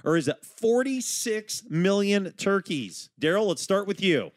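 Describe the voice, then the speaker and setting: Teasing male quiz host with a slightly high, very animated delivery. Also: measured pace, no room sound, clean studio sound. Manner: playful, teasing, draws out questions. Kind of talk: casual radio chat quiz.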